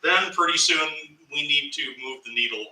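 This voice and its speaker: A man with a very bright, forceful voice tells a story in casual chat, getting animated and breaking into laughter. He sits back from the mic in a roomy, echoey space, and faint background sound runs underneath. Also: a little high, normal speed. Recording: echoey room, mic at a distance.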